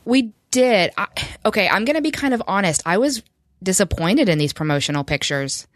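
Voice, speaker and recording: A woman's voice: medium pitch, expressive, fairly quick, no room sound. A woman co-hosting a casual podcast, talking in a chatty, wry way and laughing often. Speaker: podcast co-host. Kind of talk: casual fan podcast chat.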